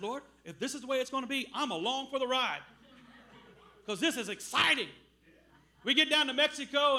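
A middle-aged man preaching a sermon as a missionary, telling stories with loud bursts. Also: very high-pitched. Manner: animated storytelling with loud bursts.

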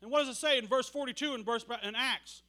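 A man preaching a sermon, telling stories with animated bursts of shouting. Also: extremely high pitch, fast talker.

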